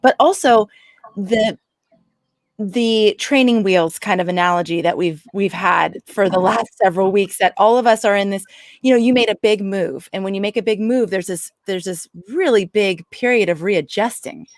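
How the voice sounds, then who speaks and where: A woman hosts a podcast and answers her guest in a relaxed, encouraging way. Her voice sounds dry and close to the mic. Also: mid-range voice, normal speed, no echo. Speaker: podcast host. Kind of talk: casual interview chat.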